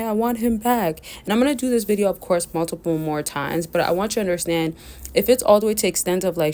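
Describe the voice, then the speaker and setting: Low-voiced woman giving chatty dating advice. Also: darkish tone. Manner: rambling, chatty, keeps addressing listeners as y'all. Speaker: dating coach. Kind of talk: casual advice monologue to men.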